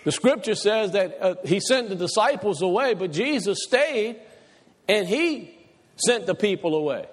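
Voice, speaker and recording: Preacher, male, high voice, folksy Southern phrasing, engages the congregation, long hall reverb. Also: animated, unhurried. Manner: asks the congregation questions. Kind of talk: sermon.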